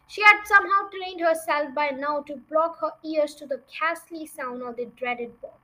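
A woman's voice: sits high, moderate pace, bright, forceful tone, low-quality recording. A young woman reading a children's novel aloud as a storyteller, with chatty asides to her listeners.

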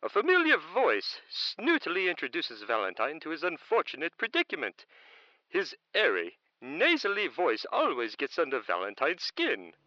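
A man's voice: a little high, huge pitch swings, normal speed, bright, forceful tone, dry recording. A man narrating an audio drama as its storyteller, with theatrical hooting and chuckling asides. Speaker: show narrator. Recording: dull lo-fi recording.

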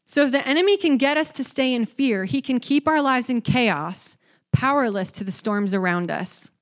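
Young woman preacher, slightly high voice, lively conversational sermon delivery. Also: normal speed. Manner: animated, conversational, acts out the disciples with rising pitch.

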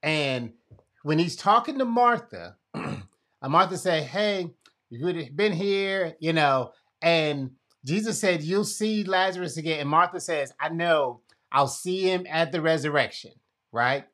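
Expressive man retelling a Bible story. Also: a little high, a little slow. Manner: expressive, preacher-like retelling with quotes. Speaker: podcast host. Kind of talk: casual conversation.

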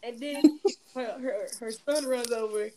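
Rowdy, higher-pitched woman telling stories. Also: a little slow, poor audio. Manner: animated, profane, acts out quotes with big pitch jumps. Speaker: podcast host. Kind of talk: casual storytelling chat.

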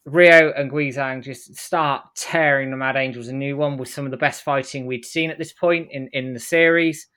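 A man co-hosting a podcast, briskly recapping an episode and tossing off the characters' quotes as he goes. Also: mid-range voice, steady tone, pushed and bright. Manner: brisk storytelling, acts out quotes in passing. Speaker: podcast co-host. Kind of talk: casual recap narration.

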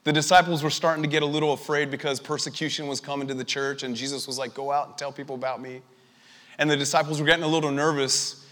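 A man preaching a sermon, chatty at first and building to forceful, emphatic delivery. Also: fairly high pitch, steady tone, fast talker, big-room sound.

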